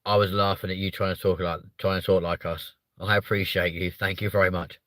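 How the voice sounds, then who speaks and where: A man's voice: low-pitched, little pitch movement, fairly quick, a bit bright, dry recording. A young man hosting a live stream, chatting with viewers in a sweary, joking, rambling way. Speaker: live show host.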